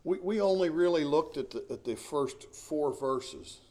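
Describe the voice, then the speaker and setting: A man's voice: fairly high pitch, lively intonation, unhurried, mellow. A middle-aged male pastor preaching a sermon in an earnest, emphatic way, often repeating words as he searches for the next phrase.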